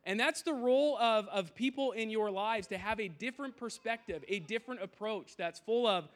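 High-voiced man preaching earnestly. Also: normal speed. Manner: earnest, conversational preaching with many restarts and asides. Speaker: youth pastor. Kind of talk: sermon. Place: large tent used as an auditorium.

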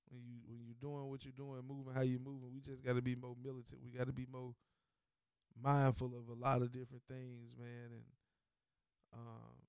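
A young man hosting his own show, switching between heated profane rants and low-key asides. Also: darkish tone, smooth, no room sound, studio quality. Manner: heated, profane, emphatic repetition; low-key, trailing off, mumbling. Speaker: podcast host. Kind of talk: casual rant and commentary.

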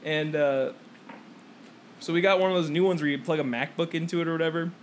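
A man's voice: on the high side, fairly even intonation, brisk, slight background noise. Rambling young man telling school stories. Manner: rambling, laughing, swears a lot, acts out quotes. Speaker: podcast co-host. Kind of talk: casual storytelling among friends.

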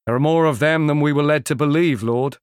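A man's voice: on the high side, brisk, clean tone, no echo, clean studio sound, voice pushed up, close to an everyday voice. A man voicing a cautious male knight and armsman who speaks in a neutral, understated tone in an audiobook. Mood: wary. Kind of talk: audiobook character voice.

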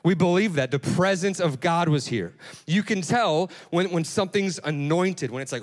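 A man's voice: a little high, animated, moderate pace. A male pastor giving a casual, conversational sermon, often repeating words and asking "right?". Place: church hall. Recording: long church hall reverb.

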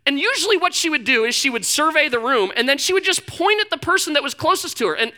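A male pastor preaching in a loose, conversational way, filling his stories with casual asides. His voice sits high for a man and rings very bright and forceful. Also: sing-song, fast talker. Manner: conversational, storytelling, frequent fillers. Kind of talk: sermon. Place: church.

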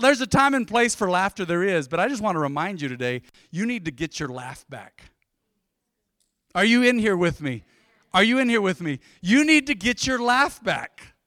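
A man's voice: high-pitched, a bit bright, no room sound, studio quality. A man in his forties preaching a sermon, telling stories and calling out to the congregation to answer him. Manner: storytelling, calls out to the congregation. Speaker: pastor.

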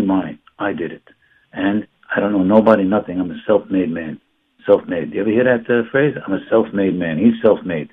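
A man's voice: lowish voice, husky. A man teaching a religious class in an emphatic, repetitive way. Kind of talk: Torah class lecture. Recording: tinny phone-like sound.

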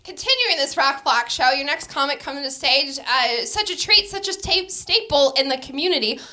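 High-voiced hyped woman emcee. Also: animated, normal speed, sharp tone. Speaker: comedy show host. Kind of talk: introducing comics at a stand-up show. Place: comedy club stage. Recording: live club recording with crowd. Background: audience laughter and noise.

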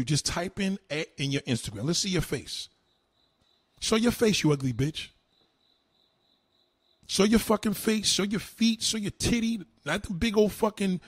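A man ranting on a livestream, answering his chat in a loud, combative, mocking way. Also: on the high side, husky, dry recording. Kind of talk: live-stream rant.

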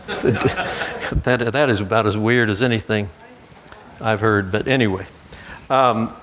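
A man's voice: mid-range voice, a little hiss or hum. Middle-aged male preacher, storytelling sermon delivery with frequent restarts. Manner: storytelling with many restarts and lively quoted voices. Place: church.

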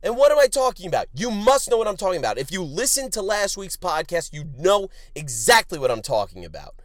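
A man's voice: high voice, brisk, no echo, clean studio sound. Fired-up man ranting on his podcast. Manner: animated, swings from shouting to muttering; crude, joking. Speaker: podcast host. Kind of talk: sports betting rant.

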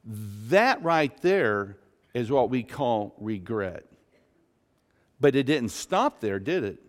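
Pastor guy preaching slow and emphatic, voice swings way up and down, long church reverb. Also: medium pitch, sing-song. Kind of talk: sermon. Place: church sanctuary.

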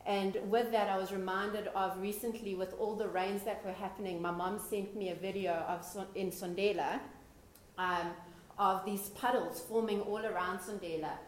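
A woman's voice: mid-range voice, fairly even intonation, moderate pace, a little hiss or hum. Hesitant woman in an echoey church. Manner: hesitant, with restarts. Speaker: church member sharing a word. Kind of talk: sharing a prophetic word.

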